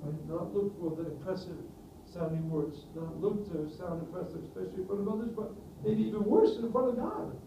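High-voiced man preaching in an echoey hall. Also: fairly quick, creaky, hardly any pauses, background noise. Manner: earnest, questioning the congregation, rising to loud emphatic peaks. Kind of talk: sermon. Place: church hall. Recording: distant roomy mic, dull sound, faint ambience.

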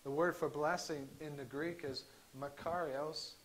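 A pastor giving a conversational sermon, pausing often on fillers and restarting his sentences. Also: a little high, fairly even intonation, slight background noise, poor audio. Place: church sanctuary.

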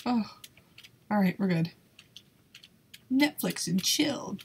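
A woman's voice: medium pitch, expressive, takes it slowly, gravelly, a little hiss or hum. A woman giving casual gameplay commentary in a nervous, exclaiming way, laughing often. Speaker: YouTuber playing a video game.

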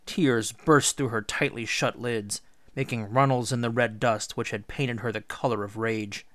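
A man's voice: mid-range voice, dry recording. Man reading a story aloud, dry. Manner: measured, expressive storytelling. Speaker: teacher. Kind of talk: read-aloud storybook narration.

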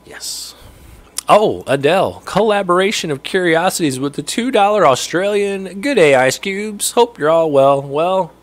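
A man's voice: high voice, animated, measured pace. Chatty man hosting a home livestream. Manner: rambling and chatty, answering viewer chat and chuckling. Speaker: livestream host. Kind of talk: casual livestream chat. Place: home fishroom.

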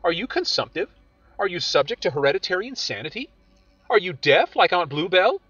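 A man voicing a frank, teasing young woman who questions briskly and speaks in a bright, bossy way. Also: sits high, very animated, husky, dry recording, pitched above the performer's own voice, exaggerated voice. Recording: dull audio with faint music.

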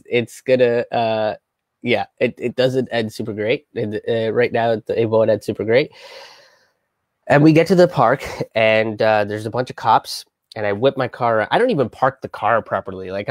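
A man casually telling a heavy personal story on a live stream, halting and restarting often and swearing freely. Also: on the low side, dry recording, clean studio sound.

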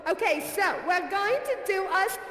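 A gushing, very high showgirl host. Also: expressive, normal speed, fairly bright tone. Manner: gushing, breathless, giggly. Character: bubbly effusive female showgirl dancer host. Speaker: variety show host. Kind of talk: live virtual reality theater performance. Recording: echoey hall with faint music.

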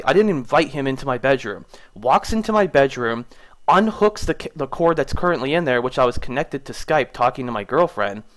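Indignant young man telling a rant. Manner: indignant, rising in pitch when annoyed. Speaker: gaming YouTuber. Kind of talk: casual storytelling rant.

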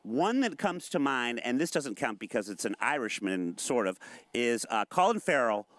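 A man hosting a casual chat show, animated and jokey, rambling through examples. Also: medium pitch, normal speed, dry recording. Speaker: show host.

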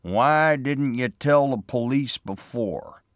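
A man doing a slow, measured small-town sheriff. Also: mid-range voice, no room sound, studio quality, pitched above the performer's own voice, lightly acted. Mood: questioning. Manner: measured, questioning. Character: small-town male sheriff, patient and steady.

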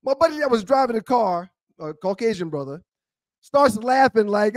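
A man co-hosting a talk show, telling an animated story in casual chat. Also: sits high, moderate pace, no echo. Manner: animated storyteller, acts out other people's voices. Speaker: co-host.

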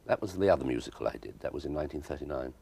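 An older man from South answers questions in a televised interview. His voice sits very low, yet it swoops up and down a lot. He talks in a wry, self-deprecating way, stopping and repeating himself as he thinks. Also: lively intonation, rapid-fire, creaky, mellow, a little hiss or hum. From South London. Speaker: guest actor. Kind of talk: broadcast interview. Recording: TV studio interview from 1983.

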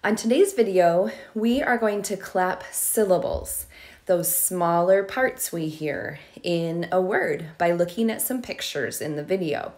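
A woman preschool teacher speaking to young children in a slow, sing-song, encouraging way, stretching out words as she claps them. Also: lowish voice, darkish tone.

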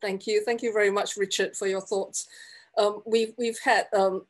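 A woman's voice: medium pitch, level tone, normal speed. A woman moderating an online panel, polite and hesitant, with frequent fillers and restarts, on a video call.

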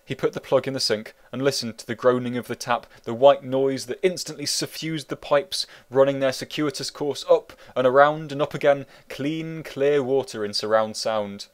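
A man who wrote the book, reading it as an audiobook narrator in a wry, meandering, deadpan way. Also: medium pitch, moderate pace, few pauses.

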